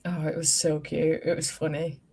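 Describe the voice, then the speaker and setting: A woman's voice: low-pitched, level tone, moderate pace, dark tone, husky. A woman, telling stories in a casual chat and swearing freely. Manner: chatty storyteller, swears casually. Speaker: host.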